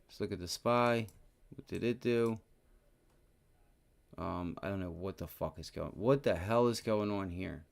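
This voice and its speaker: A man's voice: sits low, unhurried, vocal fry, long pauses. A man hosting a live day trading stream, thinking aloud over charts and cursing when trades go wrong, with an aching back. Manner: profane, frustrated outbursts. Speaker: day trading livestream host.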